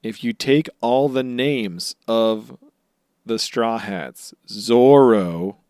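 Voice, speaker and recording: A man's voice: medium pitch, drawn-out words, dark tone, smooth, no echo, studio quality. A man co-hosting a podcast, recapping episodes in casual chat and jokingly acting out characters' lines. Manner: jokey, acts out characters' lines mid-recap. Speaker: podcast co-host.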